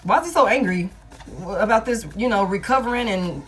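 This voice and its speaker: A woman's voice: mid-range voice, animated, fairly quick, fairly bright tone, faint music behind. Blunt, profane woman doing a tarot reading. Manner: casual, blunt and profane, thinking aloud. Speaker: tarot reader. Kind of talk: collective love tarot reading.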